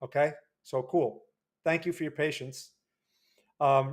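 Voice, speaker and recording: A man hosting a livestream of market chart analysis in a casual way, often tagging his sentences with a quick question to his viewers. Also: a little high, fairly even intonation. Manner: casual, frequent tag questions.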